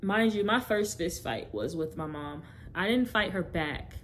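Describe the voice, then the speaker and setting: A woman's voice: fairly low pitch, expressive, a little slow, slight background noise. A young woman candidly telling her personal testimony straight to her viewers, rambling and correcting herself as she goes. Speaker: testimony speaker.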